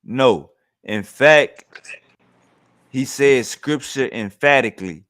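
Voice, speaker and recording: A man's voice: mid-range voice, slow, fairly bright tone. A man hosting a show, reacting to a clip in casual, blunt, mocking commentary with plenty of profanity.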